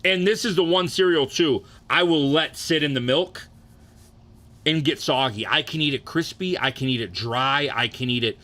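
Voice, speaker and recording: A man's voice: fairly high pitch, normal speed, a bit bright. A young man ranking cereals in a casual, profane, rambling way, getting worked up and restarting his sentences.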